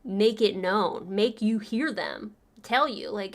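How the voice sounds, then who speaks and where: A woman's voice: a little high, a little slow. A woman livestream host chatting casually and sarcastically, laughing often as she retells a story.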